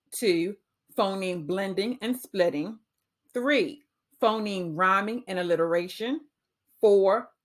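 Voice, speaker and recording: A woman's voice: medium pitch, fairly bright tone. Patient woman teaching phonics. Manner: clear, patient, sounding out phonemes slowly. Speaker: reading teacher. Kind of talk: instructional training talk.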